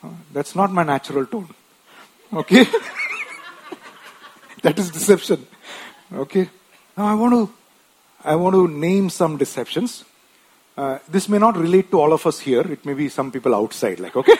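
A man's voice: a little high, animated, moderate pace, long pauses, a little mellow, breathy edge. A man preaching a sermon in a conversational way, often tagging his points with short questions and restarting his sentences. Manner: wife mentioned.

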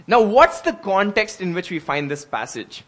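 A man's voice: high voice, very animated, moderate pace, fairly bright tone. A man preaching a sermon as pastor, earnest and conversational, with emphatic rises.

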